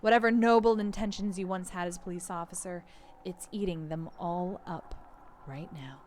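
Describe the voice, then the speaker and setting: A woman streamer reading a video game aloud on a live stream, animated, laughing now and then. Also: on the low side, normal speed, slight background noise.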